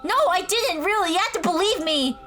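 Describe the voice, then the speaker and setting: A woman's voice: high voice, fast, natural voice. A woman voicing a flustered teenage male student who defends himself in a video game. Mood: defensive.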